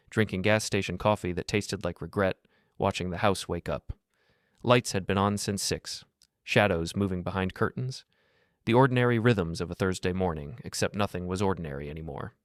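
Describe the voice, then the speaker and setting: Male narrator, first-person story, calm and measured, very deep voice, dry close mic. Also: dry recording.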